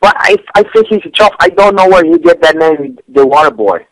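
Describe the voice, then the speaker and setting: A man, chatting on a comedic radio show in broken English, with lots of stammered restarts and sudden jumps in pitch. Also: animated, moderate pace, no echo, low-quality recording. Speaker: fight picks guest. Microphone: studio radio mic.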